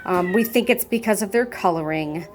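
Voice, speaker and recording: A woman's voice: medium pitch, normal speed, a little hiss or hum. A woman chatting casually in an adoption video, talking up kittens and cooing baby talk to them, with cats meowing nearby at home. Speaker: cat foster and adoption volunteer.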